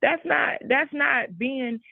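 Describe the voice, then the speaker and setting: A woman arguing her point forcefully in a heated panel discussion, cutting in over the others. Her voice sits very high with a gravelly rasp. It comes through tinny and dry, like a phone line with no room sound. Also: takes it slowly, no echo. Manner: emphatic, argumentative, talks over others. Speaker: panel guest.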